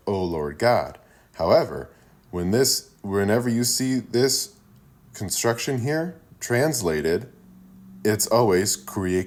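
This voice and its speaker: A man's voice: low voice, a little mellow. A man hosting a short video, explaining a point of scripture in an earnest, teacherly way with casual fillers. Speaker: Christian apologetics video host. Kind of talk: casual explanatory talk to camera.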